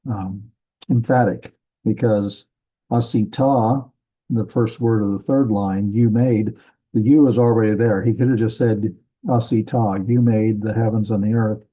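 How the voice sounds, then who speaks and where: A man teaching a slow classroom lesson, thinking aloud and correcting himself as he goes. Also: on the low side, steady tone, mellow, slightly rough, rough recording. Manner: deliberate, thinking aloud with many ums and self-corrections. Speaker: Bible language teacher. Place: church classroom.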